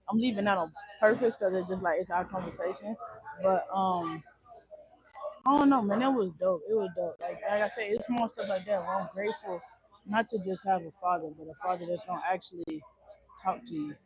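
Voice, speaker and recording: A man's voice: high voice, a little fast, rough recording. A man hosting a livestream, chatting casually in a rambling way and repeating his phrases. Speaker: livestream host.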